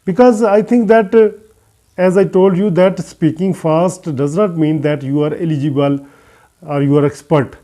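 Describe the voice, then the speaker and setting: A man who is not a native English speaker gives an earnest English lesson, talking slowly with many pauses and fillers. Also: fairly high pitch, dark tone. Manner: earnest, advising. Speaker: English teacher.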